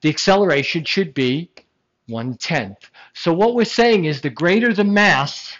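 Science lecturer, classroom talk, emphatic, lively questions, muffled lo-fi sound. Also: mid-range voice, unhurried. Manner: animated, emphatic, with rhetorical questions and jokes.

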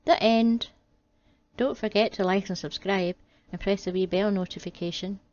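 A woman, the channel host, delivering a brisk, friendly sign-off at the end of a video. Her voice is mid-pitched, and the audio sounds dull and lo-fi. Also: steady tone, darkish tone, no echo.

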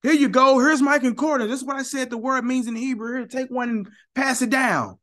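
A man's voice: extremely high pitch, a little fast, fairly bright tone, voice pushed up. A man putting on the voice of a cheery older male scholar who eagerly hands out books and fumbles with people's names.

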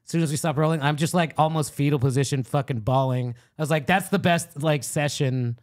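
A man hosting a podcast, chatting casually and telling animated stories, swearing often. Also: fairly high pitch, a little fast, dry recording, clean studio sound. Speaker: podcast host. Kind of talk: casual chat.

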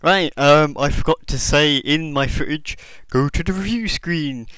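A man's voice: a little high, a little slow, fairly bright tone, clean tone, dry recording, rough recording. A man giving a casual product review of a costume mask, rambling and hesitant, with many fillers and restarts.

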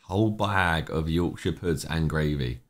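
On a livestream, a young man with a very deep voice talks at a measured pace. He rambles casually and reacts to chat messages with offhand opinions.

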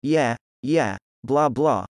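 A man's voice: mid-range voice, expressive, slow, a little mellow, dry recording, studio quality. A man voicing a rude, lazy teenage boy ninja antihero who talks in a crude, dismissive way. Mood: mocking.

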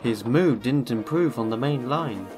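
A man narrates a children's storybook in an expressive way, his pitch rising and falling freely. Music plays clearly underneath him. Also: a little slow.

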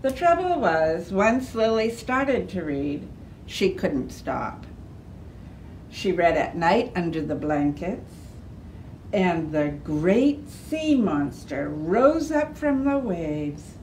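Woman reading a kids' picture book, slow and expressive, sounds far off in an echoey room with faint noise. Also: lowish voice. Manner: expressive read-aloud, lifting her voice for dialogue. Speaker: librarian reading aloud. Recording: distant mic in an echoey room.

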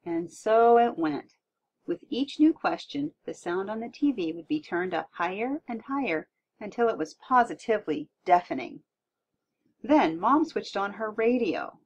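Breathy, lively woman reading a children's book. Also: medium pitch, measured pace. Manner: expressive, playful storytelling. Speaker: audiobook narrator. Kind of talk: children's audiobook narration.

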